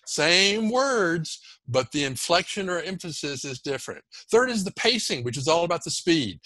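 A man guest on a podcast, teaching communication skills in an animated, emphatic, demonstrative way. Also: on the high side, normal speed, hardly any pauses, dry recording. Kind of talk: energetic podcast interview.

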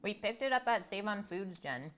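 At home on a live cooking stream, a woman tastes food, chats casually, and reads viewer comments aloud. Her medium-pitched voice is animated and fairly bright, moving at a normal speed.

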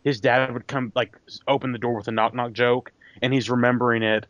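A man's voice: mid-range voice, little pitch movement, fairly bright tone, no echo. A young man, a guest on a podcast, casually recalling a comic story and hunting for his words as he goes. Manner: halting, searching for words. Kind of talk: casual chat. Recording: dry, dull lo-fi sound.

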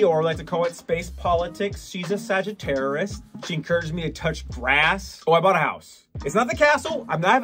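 A man vlogging casually, joking and self-mocking as he rambles between topics. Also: fairly high pitch. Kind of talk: casual vlog talk.

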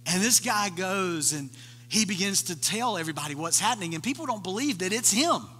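A man preaching a sermon, retelling a story with animated voices for the people in it. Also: sits high, a little fast, breathy edge, long reverb tail. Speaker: pastor.

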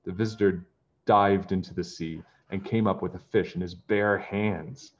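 Deep-voiced man reading a storybook. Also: moderate pace, highs cut off. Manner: expressive, adds chatty asides to young listeners. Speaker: children's book reader. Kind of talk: storybook read-aloud.

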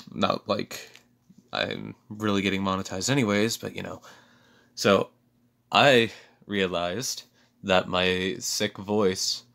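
A sick, hoarse man giving an offhand, self-deprecating intro with hesitant pauses. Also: deep voice, fairly bright tone. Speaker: comedy channel host. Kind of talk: casual vlog intro.

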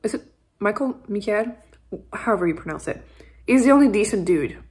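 A woman's voice: medium pitch, expressive, a little fast, darkish tone. A young adult woman book vlogger chatting casually at home, rambling with lots of "like" and small laughs. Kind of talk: casual chat. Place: at home on a couch.

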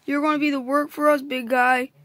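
A woman's voice: high voice, little pitch movement, fairly bright tone, no room sound. A woman reading as a bossy spider hacker. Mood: explaining, bossy. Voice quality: read aloud haltingly with restarts.

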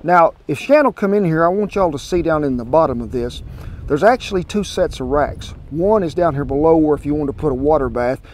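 A man's voice: fairly high pitch, animated, a little fast, darkish tone, slight background noise. A man with a Southern American accent hosting an outdoor cooking show, chatting in a homespun way to the folks watching. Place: outdoors at a smoker grill. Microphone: wireless clip-on mic.

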